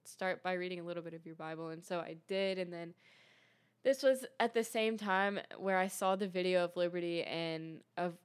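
Young woman guest, low and resonant, telling her story earnestly in relaxed chat. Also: moderate pace, clear, resonant tone. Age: young adult. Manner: earnest, many fillers and restarts. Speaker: guest sharing testimony. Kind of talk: casual faith testimony chat.

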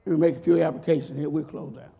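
A man preaching a sermon who swings between shouts and low murmurs, acts out quoted voices in a high pitch, and talks in a folksy, emphatic way. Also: steady tone, racing, gravelly, husky. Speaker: pastor.

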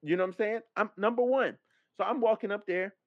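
A man hosting a podcast, telling a story as a casual rant, animated and profane, acting out the other people's lines. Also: high-pitched, a little fast, no room sound. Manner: animated, profane, acts out quoted dialogue. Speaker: podcast host. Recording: dull, dry lo-fi mic sound.

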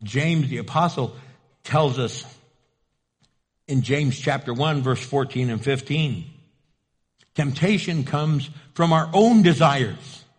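A man's voice: medium pitch, expressive, slow, long pauses, husky. A male preacher giving a sermon, emphatic and repetitive, driving points home with rhetorical questions. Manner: emphatic, repeats key phrases, asks rhetorical questions.

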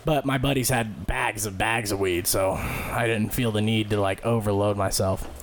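A young man on a podcast casually telling a rambling, profane story and loudly acting out the people in it. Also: fairly low pitch, fairly even intonation, normal speed, slight background noise. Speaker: podcast co-host.

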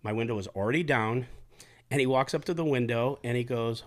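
A middle-aged man swaps stories with a co-host in loose, profane chat. He recalls his time as a police officer in a blunt, animated way, full of asides and strong language. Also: mid-range voice, brisk. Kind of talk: casual storytelling chat.

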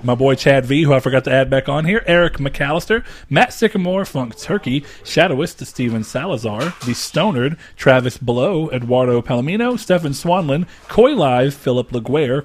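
A man hosting a podcast, chatting casually with friends in a joking, rambling, profane way. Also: a little high. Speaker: podcast host. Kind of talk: casual chat.

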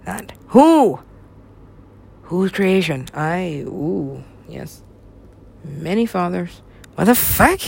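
A woman's voice: lowish voice, sing-song, extremely slow, gravelly, long pauses, darkish tone, slightly rough. A woman from the US West Coast in a loose, rambling casual chat, laughing often, swearing freely and slipping into silly voices. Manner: giggly, swears a lot, acts out silly voices.

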